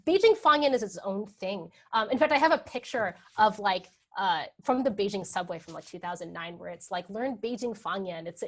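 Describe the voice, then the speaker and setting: A woman's voice: mid-range voice, a bit bright. A woman history professor answering audience questions after a talk, thinking aloud with many ums, "sort of" and "right?" checks. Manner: hedging with "sort of" and "like". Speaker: guest speaker, history professor. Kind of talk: academic Q&A answers.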